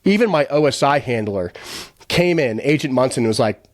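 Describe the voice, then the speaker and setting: A young man recounts his story as a podcast guest in a rapid, candid rush. He is blunt and profane and slips into quick impressions of the people he quotes. His voice sits at an ordinary pitch and sounds close and dry, with no room echo. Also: animated.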